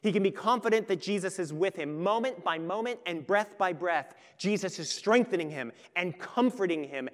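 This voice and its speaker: A pastor preaching a sermon with earnest emphasis that swells and then turns quiet and intimate. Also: male voice, sits high, animated, normal speed, hardly any pauses. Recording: long hall reverb.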